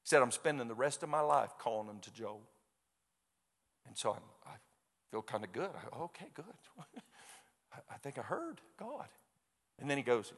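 A man preaching a sermon, telling a story with lively quoted voices. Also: medium pitch, normal speed, long pauses, breathy edge. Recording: long hall reverb.

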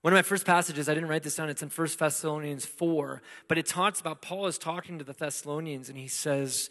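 A man preaching a sermon in a conversational way, asking rhetorical questions and swinging between loud emphasis and hushed asides. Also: fairly high pitch, fairly even intonation, fairly quick, few pauses. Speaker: pastor. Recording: long hall reverb.

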